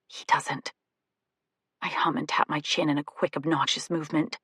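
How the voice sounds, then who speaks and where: A woman reading a first-person romantic comedy audiobook, expressive and comic in the dialogue. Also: sits low, moderate pace, slightly rough, no room sound, studio quality. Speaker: audiobook narrator.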